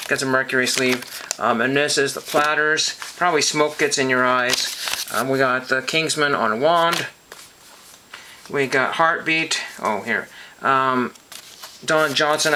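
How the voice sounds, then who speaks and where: A man's voice: mid-range voice, noisy background. A man casually showing his box of records, rambling and hesitant with many ums and self-corrections. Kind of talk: casual show-and-tell monologue.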